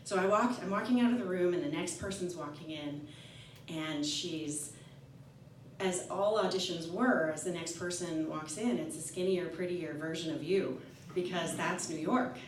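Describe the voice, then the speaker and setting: A woman's voice: fairly low pitch, moderate pace, distant mic, a little hiss or hum. Candid woman storyteller in an echoey room. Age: 40s. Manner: candid and self-mocking, with nervous laughs. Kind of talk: personal storytelling on stage. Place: live storytelling event venue.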